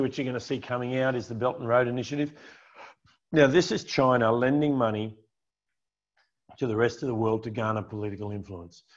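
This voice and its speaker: A man's voice: mid-range voice, a little mellow. Man with dull lo-fi sound. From Australia. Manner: conversational, emphatic, repeats key points. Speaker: financial adviser giving a client update. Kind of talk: presentation with slides.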